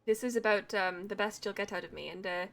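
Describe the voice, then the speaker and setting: Bright Atlantic Canadian woman streamer. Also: medium pitch, quick pace, creaky. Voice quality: slight Valley Girl sound. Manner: chatty, rambling, laughs often. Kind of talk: casual chat while gaming.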